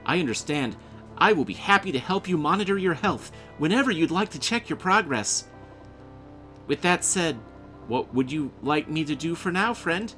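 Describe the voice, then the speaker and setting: Peppy friendly AI buddy program, higher and brighter than the player's own voice, a man voicing it. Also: expressive, moderate pace, soft background music. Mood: cheerful. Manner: chirpy, overly friendly, calls the player friend. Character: cheerful male AI assistant program, eager, polite.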